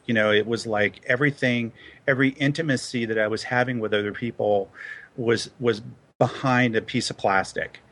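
A man's voice: medium pitch, fairly bright tone. A man being interviewed in a casual chat, talking hesitantly with lots of fillers and restarts. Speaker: interview guest. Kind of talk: casual podcast conversation.

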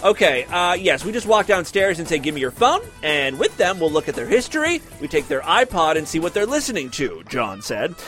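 A man's voice: on the high side, sing-song, brisk, hardly any pauses, fairly bright tone, faint music behind. A man reading odd news stories aloud with sarcastic comedic commentary and exaggerated delivery.

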